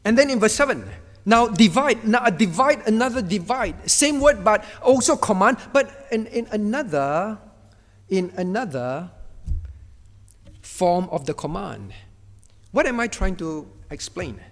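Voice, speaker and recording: High-voiced emphatic man preaching in a hall. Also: sing-song, unhurried. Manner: emphatic, repeats key words for stress; acts out God's words in a firm voice. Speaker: pastor. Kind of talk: sermon. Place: church.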